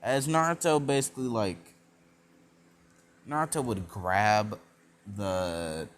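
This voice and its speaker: A man's voice: lowish voice, takes it slowly, slight background noise. A young man casually narrating a fan-made story, rambling with many fillers and self-corrections.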